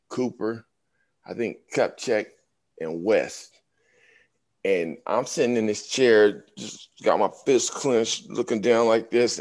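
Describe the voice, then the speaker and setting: Low-voiced man telling stories casually. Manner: animated storyteller, acts out quoted voices. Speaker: former pro basketball player, guest. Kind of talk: casual storytelling interview.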